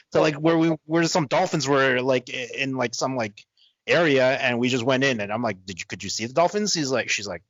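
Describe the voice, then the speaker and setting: A man co-hosting a podcast, telling a story in casual chat and jumping up in pitch when he quotes people. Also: brisk, no room sound. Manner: animated, swings into high-pitched quoting. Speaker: podcast co-host.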